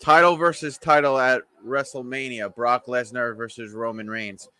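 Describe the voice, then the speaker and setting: A man with a bright, forward voice streams a live watch-along, tossing out offhand wisecracks. He chats casually with viewers in between remarks. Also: medium pitch, steady tone, moderate pace, clear, resonant tone, dry recording.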